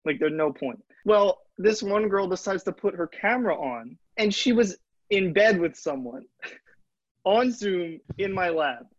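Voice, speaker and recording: A young man with a somewhat high voice joins a casual podcast, firing off quick quips and short stories. He sounds dry and close over dull, lo-fi call audio. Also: lively intonation, no room sound. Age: young adult. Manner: quick quips, laughing often. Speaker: podcast co-host. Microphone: video call.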